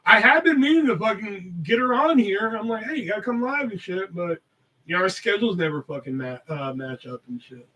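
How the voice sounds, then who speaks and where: A man's voice: high voice, expressive, a little fast, bright, forceful tone, recorded from a distance, rough recording. Rambling, profane man, off-mic. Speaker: podcast host. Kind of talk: casual live-stream chat.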